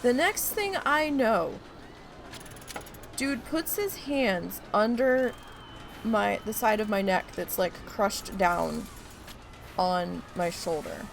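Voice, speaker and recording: A woman streamer telling a story in a casual, animated, exasperated way, with lots of swearing, while she plays a park-building game. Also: medium pitch, takes it slowly, vocal fry, pauses often, slight background noise.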